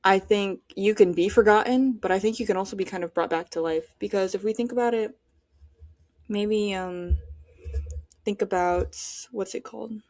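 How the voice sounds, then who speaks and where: A woman's voice: mid-range voice, normal speed, a little mellow, dry recording, studio quality. A teenage girl hosting a solo podcast, chatting casually and giving her opinions while she thinks aloud with lots of fillers. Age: teens. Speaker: podcast host.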